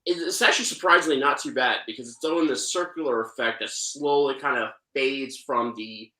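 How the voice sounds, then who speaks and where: A man recaps a film's plot for a casual podcast with deadpan, mock-serious sarcasm. His voice is bright and sharp, and the room around him rings with noticeable echo. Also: medium pitch, a little fast. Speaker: co-host film reviewer.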